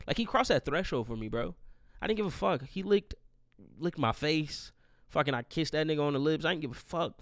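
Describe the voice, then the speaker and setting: A young podcast host speaks alone in a slightly high, creaky voice, recorded in studio quality with no echo. His casual solo monologue is a profane, rambling rant.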